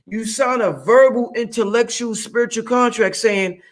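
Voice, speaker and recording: A man's voice: extremely high pitch, moderate pace, hardly any pauses, a bit bright. A man hosting a livestream, talking casually, profane and emphatic, repeating lines for effect. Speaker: livestream host.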